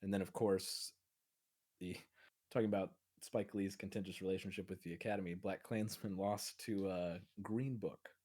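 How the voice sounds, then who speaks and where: A man's voice: low voice, steady tone, normal speed, warm tone, slightly rough. A man co-hosting a casual film podcast, rambling through stories with many fillers. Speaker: podcast co-host.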